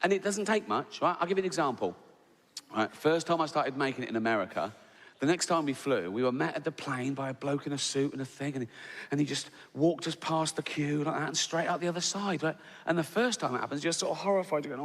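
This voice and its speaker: A man's voice: fairly high pitch, expressive, fairly quick, a bit bright. A middle-aged Englishman doing a stand-up set, chatty and sweary, tagging his lines with "right?". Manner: conversational, keeps tagging "right?", swears freely. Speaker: stand-up comedian. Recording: live stage audio in a large reverberant venue with faint ambience.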